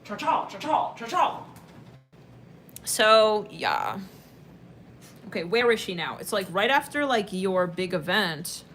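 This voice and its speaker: A woman gives a rambling, informal tarot reading straight to her viewers. She talks with plenty of fillers and breaks into quick laughs, her pitch sitting in a middle range. A faint hum of background noise runs under her voice. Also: animated, a bit bright. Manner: chatty, rambling, full of fillers and sudden laughs. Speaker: tarot reader. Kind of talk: casual tarot reading to camera.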